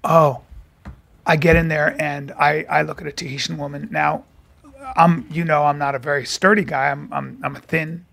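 A middle-aged man co-hosting a podcast, telling comic stories in an animated, profane way and acting out the people in them. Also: on the high side, normal speed, creaky. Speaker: podcast co-host. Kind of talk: casual comedic storytelling.

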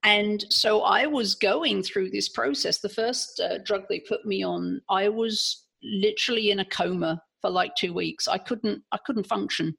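An English-accented woman speaks with a gravelly, slightly husky voice. She tells her story as a podcast guest in a frank, earnest way, circling back and restarting as she thinks aloud. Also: mid-range voice, a little slow, few pauses, fairly bright tone. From England. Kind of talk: personal storytelling in an interview.

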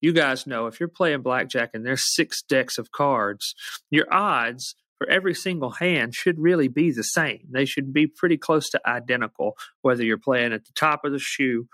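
A man's voice: medium pitch, normal speed, bright, forceful tone, dry recording. A man musician as a podcast guest, talking in a wry, reflective, joking way. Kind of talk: casual podcast conversation.

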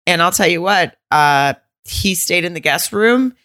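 A woman's voice: fairly low pitch, expressive, measured pace, pushed and bright, no echo, studio quality. A woman from the Southern United States co-hosting a podcast, blunt and rambling in casual chat. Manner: blunt, rambling, swears freely. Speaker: podcast co-host.

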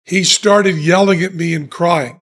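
High-voiced slow deadpan storyteller man. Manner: deadpan, self-mocking, laughs at own stories. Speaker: podcast guest telling stories. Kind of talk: casual storytelling chat.

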